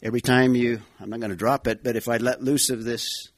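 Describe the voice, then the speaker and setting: A man's voice: mid-range voice, fairly even intonation, fairly quick, dry recording. A man giving an expository Bible teaching, explaining a passage in an emphatic, repetitive way. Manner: emphatic, explanatory, repeats key points.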